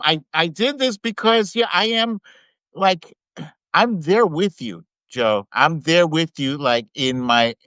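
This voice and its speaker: A man chatting on a live stream, upbeat and emphatic, with frequent laughs. His voice is bright and smooth, in a middle range, and it sounds close and dry. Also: medium pitch, dry recording, rough recording. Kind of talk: casual political chat.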